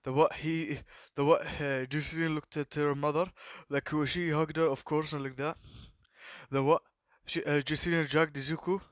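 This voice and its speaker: A young man spins an improvised story in a loose, rambling way, stopping again and again to prompt himself before he goes on. His voice sits a little high, and it is recorded dry and close to the mic with no room sound. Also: flat delivery, normal speed, dry recording. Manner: rambling, many fillers and repeated "the what?" prompts. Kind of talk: casual improvised story narration.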